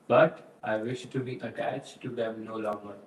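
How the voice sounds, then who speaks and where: A man in a class reading a translation aloud in a steady voice. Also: fairly low pitch, moderate pace. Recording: echoey room, faint noise.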